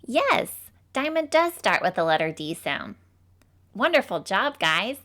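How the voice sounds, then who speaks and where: A woman's voice: medium pitch, big pitch swings, a little slow, fairly bright tone. A woman voicing a bubbly cartoon teacher. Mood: cheerful. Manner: bubbly, encouraging, sing-song praise. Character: cheerful Southern female cartoon phonics teacher. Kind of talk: children's phonics lesson.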